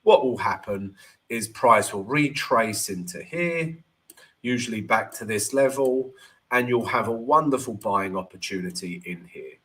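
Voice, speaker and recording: A man's voice: lowish voice, lively intonation, a little slow, a bit bright. A man hosting a live trading stream, talking casually and with energy, and often checking in with "right?".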